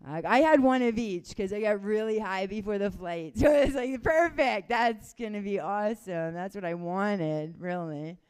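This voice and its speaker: A woman's voice: medium pitch, normal speed, hardly any pauses, darkish tone, clear, resonant tone. Rambling Canadian woman doing stand-up. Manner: casual, rambling, self-deprecating, with chuckles. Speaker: stand-up comedian. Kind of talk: stand-up comedy set.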